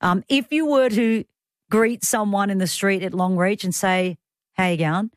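Clean studio sound from a studio microphone, recorded dry, captures a woman with an Australian accent hosting a casual talkback radio chat. Her voice is medium-pitched, and she is chatty and teasing, joking often with her callers and producer.

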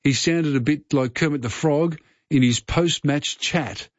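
A man's voice: fairly high pitch, unhurried, no echo. A man with an Australian accent hosting a phone-in quiz on talkback radio, friendly and rambling with fillers and restarts. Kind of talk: casual talkback radio chat. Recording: slightly muffled radio broadcast.

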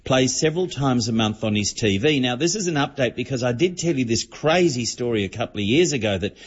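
A man's voice: medium pitch, expressive, a little fast, breathy edge. A man, telling celebrity gossip as an entertainment reporter on a radio show in a chatty, storytelling manner. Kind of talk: casual radio chat. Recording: dull lo-fi broadcast audio.

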